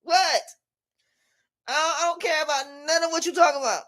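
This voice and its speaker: High-voiced defiant woman vlogging. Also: fairly quick, fairly bright tone. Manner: defiant, emphatic, repeats herself, laughs often. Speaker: vlogger, life coach. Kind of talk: casual monologue to camera.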